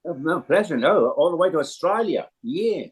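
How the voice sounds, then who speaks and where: A man in his seventies from Yorkshire, England, a veteran actor, tells chatty anecdotes as a guest in a casual interview. His voice is on the high side with lively intonation at a normal speed, though the audio quality is poor.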